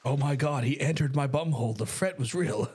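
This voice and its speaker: A man's voice: mid-range voice, a little fast, a little mellow, a little hiss or hum. A Northern Irish man chatting casually over a video game, wry, laughing often and swearing freely. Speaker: game commentator. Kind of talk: casual gaming chat.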